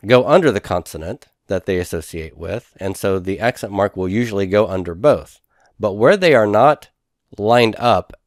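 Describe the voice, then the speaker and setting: A man with a fairly low voice teaches a recorded lesson. He works through each point methodically and repeats key words slowly. The sound is dry and close, with no room echo. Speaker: Hebrew instructor. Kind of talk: recorded lecture over handouts.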